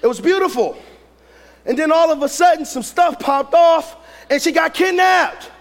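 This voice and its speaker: High-pitched shouting preacher man. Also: normal speed. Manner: shouting, animated preaching with acted-out voices. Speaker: pastor. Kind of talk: sermon.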